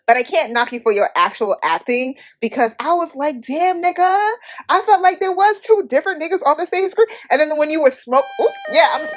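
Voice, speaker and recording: Haitian american lady on her podcast, kinda high voice, roasting a movie, cussing a lot, super animated. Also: a little fast, few pauses, faint music behind. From United States. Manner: blunt, profane, animated opinions. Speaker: podcast host. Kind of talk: casual movie review.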